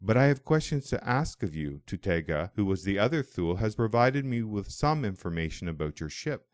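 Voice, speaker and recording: A man voicing an older hermit monk, devout and calm, who speaks in a booming but welcoming way in an audiobook. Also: fairly quick, dry recording, studio quality. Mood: earnest. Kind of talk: audiobook dialogue.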